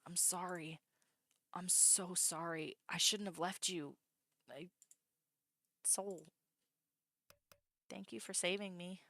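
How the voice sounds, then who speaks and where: A woman's voice: lowish voice, steady tone, slow pace, long pauses, sharp tone, full character voice. A woman voicing a frightened young female heroine in a game, speaking in a pleading, shaken way. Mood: tearful.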